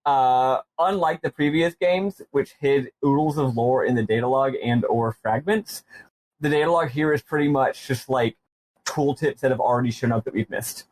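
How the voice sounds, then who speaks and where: A man's voice: mid-range voice, moderate pace, no room sound, poor audio. A man hosting a podcast, casually recapping with enthusiastic, rambling asides and plenty of ums. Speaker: podcast host.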